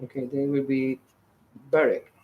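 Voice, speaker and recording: A man's voice: medium pitch, little pitch movement, measured pace, narrow, tinny audio, slight background noise. A male student working through pronunciation drills, hesitant and repeating words.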